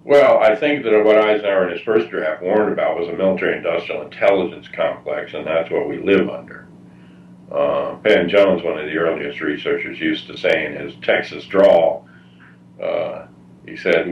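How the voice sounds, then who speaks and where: A man speaking as a guest at a public talk, answering at length in a halting way with many fillers and restarts. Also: deep voice. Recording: distant muffled roomy mic.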